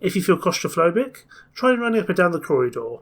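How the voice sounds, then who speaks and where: A man's voice: high voice, very animated, quick pace. A man voicing a stern, brusque male train guard with a matter-of-fact manner.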